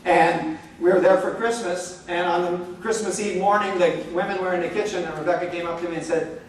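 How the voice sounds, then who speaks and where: A middle-aged man giving a relaxed, joking church talk on marriage, full of "okay?" and "like". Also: sits high, brisk, slight background noise. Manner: animated, joking, many "okay?" and "like". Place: church hall. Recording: echoey room from far off.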